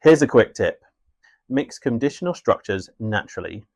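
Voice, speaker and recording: A man narrating a scripted English lesson in a clear, measured, instructive way. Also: medium pitch, animated, a little mellow, dry recording. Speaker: English teacher.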